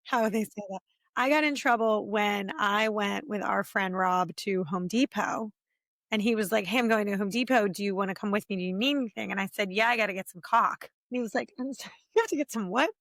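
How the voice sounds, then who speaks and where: A woman with a Philadelphia accent, co-hosting a casual chat and telling animated stories in which she acts out the quotes. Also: mid-range voice, fairly quick, dry recording. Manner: animated storyteller, acts out quotes, laughs often. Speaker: co-host. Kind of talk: casual chat over drinks.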